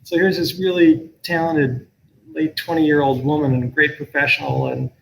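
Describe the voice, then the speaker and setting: Middle-aged male professor, earnest and reflective, a bit high-pitched, faint noise behind him. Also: little pitch movement, moderate pace, creaky, fairly bright tone, rough recording. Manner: thoughtful, earnest, with frequent restarts. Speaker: professor and guest speaker. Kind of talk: conversational talk on a video call.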